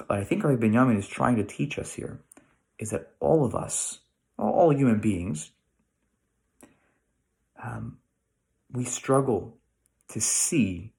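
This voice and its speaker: A man's voice: on the low side, vocal fry, a little mellow. A middle-aged American man giving a casual Torah lesson, thinking aloud with restarts and rhetorical questions. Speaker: rabbi teaching weekly Torah lesson.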